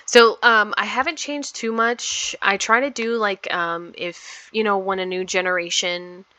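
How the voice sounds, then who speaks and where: A woman's voice: mid-range voice, steady tone, a little slow, sharp tone, no echo. Chatty woman narrating her gameplay. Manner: chatty, rambling with many ums. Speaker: gameplay vlogger. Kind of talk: casual game commentary.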